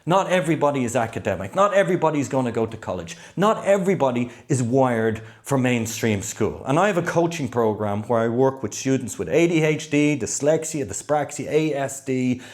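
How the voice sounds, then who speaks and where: Male study coach, middle-aged, mid-pitched, earnest and emphatic, drives points home by repetition. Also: expressive, fairly quick, hardly any pauses. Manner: earnest, emphatic, repeats key words for effect. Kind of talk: talking-head advice video.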